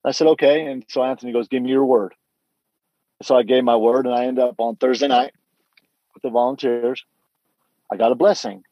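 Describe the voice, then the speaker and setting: Earnest man retelling his past, halting. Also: medium pitch, fairly even intonation, dry recording, dull audio. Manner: earnest, halting storytelling with many restarts and acted-out dialogue. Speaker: guest telling his story. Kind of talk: candid personal testimony.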